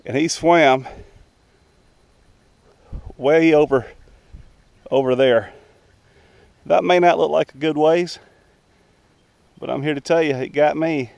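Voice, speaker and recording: A man's voice: fairly high pitch, fairly even intonation, takes it slowly, creaky, pauses often, a little mellow, no echo. Chatty man talking to his dogs. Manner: chatty, talks to his dogs in baby talk. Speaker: vlogger. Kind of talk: casual vlog narration. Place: outdoors by a lake.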